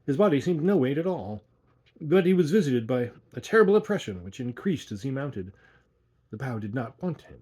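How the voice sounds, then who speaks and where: Male storyteller, husky mid-pitched voice, measured audiobook narration of a ghost tale. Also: big pitch swings, a little mellow. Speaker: audiobook reader.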